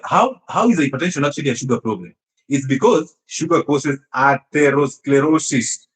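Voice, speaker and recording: Emphatic man in an echoey room. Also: medium pitch. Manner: emphatic, laughs often, teasing rhetorical questions. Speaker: health speaker. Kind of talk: animated health talk.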